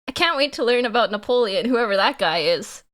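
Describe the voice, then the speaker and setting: A young woman streamer chatting casually with her viewers, giggly and animated, laughing often. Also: fairly high pitch, unhurried. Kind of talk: casual live-stream chat.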